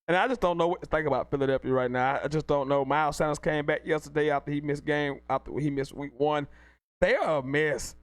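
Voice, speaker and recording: A man's voice: fairly high pitch, no echo. A man hosting a live call-in sports podcast, hyped and repetitive, hyping himself and reading the call-in number over and over. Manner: hyped, repetitive, self-promoting.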